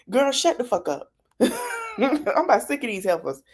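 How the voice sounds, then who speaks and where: A woman's voice: fairly high pitch, huge pitch swings, slow, slightly rough. A woman hosting a live podcast stream, reacting to a video with blunt, sassy, mocking commentary full of slang. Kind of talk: livestream commentary.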